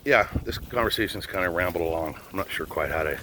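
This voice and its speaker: A man's voice: low voice, quick pace, a little hiss or hum. An older man, a retired police officer, ranting bluntly and profanely to the camera while out on a boat in a swamp. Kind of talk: outdoor rant.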